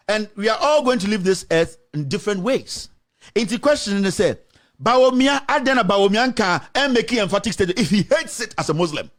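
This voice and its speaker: A man with a Ghanaian accent and a high-pitched voice, ranting about politics with real heat. He hammers point after point with rhetorical questions and slides between English and his home language as he talks. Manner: fiery, rhetorical questions, code-switching. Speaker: political commentator. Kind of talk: impassioned political rant.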